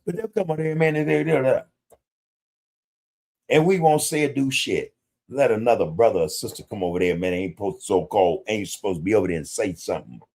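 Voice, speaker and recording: A man's voice: on the low side, brisk, creaky, darkish tone. A man hosting a podcast livestream, talking bluntly in street slang with plenty of profanity and greeting viewers in the chat. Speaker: podcast host. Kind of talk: casual livestream commentary.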